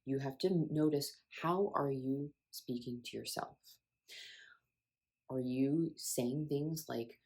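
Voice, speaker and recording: A woman with a notably low voice speaks in a relaxed, conversational way about spiritual growth. She is earnest and drives points home by repeating her phrases, like a coach talking straight to the listener. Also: slow pace. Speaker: self-help coach. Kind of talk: casual spiritual coaching talk.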